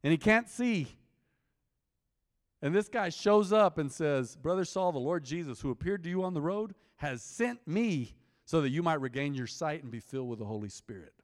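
Male pastor, fairly high voice, lively and teasing, quizzes the room, long hall reverb behind him. He reads scripture aloud and breaks off to question his listeners. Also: moderate pace. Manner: animated, teasing, quizzes the congregation. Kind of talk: interactive sermon, reading scripture aloud.

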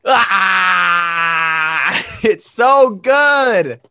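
A man's voice: mid-range voice, moderate pace, a bit bright, dry recording, clean studio sound. A man co-hosting a podcast, gushing enthusiastically in casual movie chat over a remote call and acting out quoted lines. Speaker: podcast co-host.

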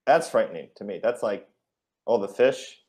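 A man's voice: on the low side, animated, normal speed, a little mellow. A man co-hosting a comedic chat show, playing along with the bit in mock-earnest asides. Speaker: podcast co-host.

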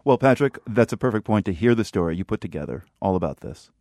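A man's voice: on the low side, animated, quick pace, a little mellow, dry recording, studio quality. A man hosting a radio show, asking conversational questions of his reporter. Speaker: radio host. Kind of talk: studio interview.

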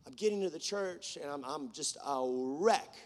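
A man with a high, light voice preaches to his congregation, and the sound rings with a long hall reverb. He speaks earnestly, building to fervent, repeated declarations and then dropping to a hushed voice when he tells personal stories. He is a worship leader giving a sermon. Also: lively intonation, moderate pace. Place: church.

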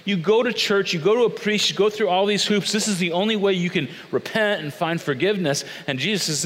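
A man delivering a sermon in a loose, storytelling manner, full of asides and questions to the listeners. His voice sits a little high for a man. It rings out with the long reverb of a large church hall. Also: fairly quick. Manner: conversational, animated storytelling with asides. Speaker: pastor.

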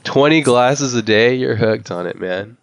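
A man's voice: medium pitch, measured pace, gravelly, no room sound. An American man hosting a podcast, chatting in an easygoing, laid-back way. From United States. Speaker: podcast host. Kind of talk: casual interview chat. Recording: dull, muffled sound.

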